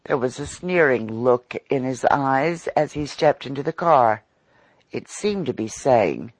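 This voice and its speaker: A man narrating an old-fashioned story with dramatic expression. His delivery is unhurried and his pitch rises and falls a lot. The recording is dry and close to the mic. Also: lively intonation, no room sound. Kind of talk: audiobook narration.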